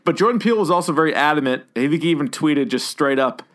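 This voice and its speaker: A man co-hosting a casual podcast chat, joking and animated, sometimes jumping into a high mock voice. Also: quick pace. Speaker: podcast co-host.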